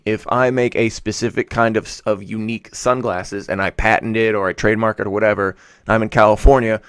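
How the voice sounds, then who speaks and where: Low-voiced man explaining things dryly. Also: clear, resonant tone, no room sound. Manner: rambling, self-correcting, sarcastic asides. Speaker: vlogger. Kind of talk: casual explanatory monologue.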